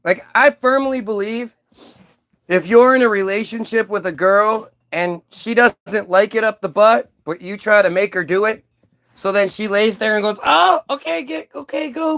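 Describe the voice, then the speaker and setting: A man's voice: sits high, moderate pace, a bit bright. A man hosting a livestream, ranting casually to his chat in a heated, profane way with many restarts. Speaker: livestream host. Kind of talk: casual rant to a live chat.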